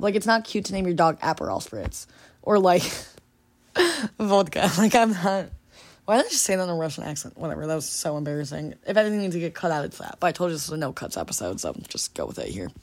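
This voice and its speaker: Fast-talking young woman, rambling podcast chat. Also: on the low side, sing-song, gravelly, a little mellow. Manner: rambling, heavy use of filler "like". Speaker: podcast host. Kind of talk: casual chat.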